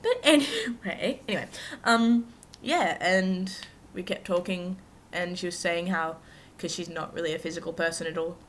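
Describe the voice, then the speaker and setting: Young woman vlogger, slightly low voice, rambling self-mocking storyteller, faint hiss behind. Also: moderate pace, few pauses. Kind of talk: casual storytelling to camera.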